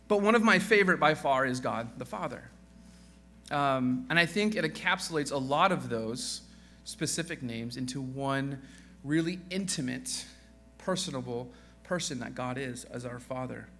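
A guest pastor, a man in his thirties with a fairly high voice, preaches a casual sermon packed with jokes, fillers and restarts. He gets quieter when he prays.

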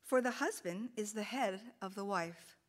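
A woman in her sixties giving a sermon to women, lively and chatty, laughing at her own stories. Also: mid-range voice, normal speed. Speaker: women's ministry speaker.

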